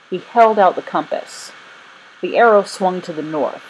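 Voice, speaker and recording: A woman narrating a children's storybook in a gentle, steady reading voice. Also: fairly low pitch, measured pace, a little hiss or hum, poor audio. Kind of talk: storybook read-aloud.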